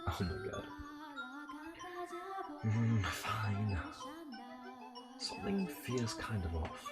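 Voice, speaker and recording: A man voicing a weary, mild young man of the house, quiet and hesitant. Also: on the low side, wildly swooping pitch, extremely slow, over loud music, full character voice.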